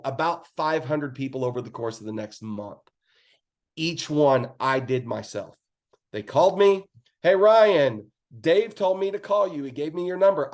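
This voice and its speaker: A man's voice: fairly high pitch, darkish tone. A man telling his team a candid, earnest story of starting his business, with plenty of fillers and acted-out quotes, over a call. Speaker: network marketing speaker.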